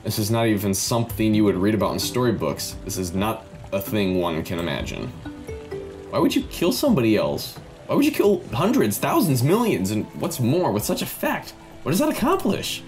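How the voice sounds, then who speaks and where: A man's voice: low-pitched, fairly quick, few pauses, a little mellow, soft background music, voice pushed down. A man reading aloud as a young female student in a game's first-person narration, earnest and plain.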